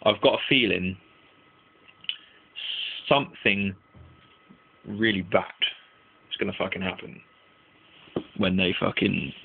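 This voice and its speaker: Guy rambling thru an anime recap, kinda husky low voice, sounds like over a phone. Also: takes it slowly, long pauses, phone-quality sound. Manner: rambling, swears freely, acts out characters' lines. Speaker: anime reviewer. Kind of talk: casual episode recap.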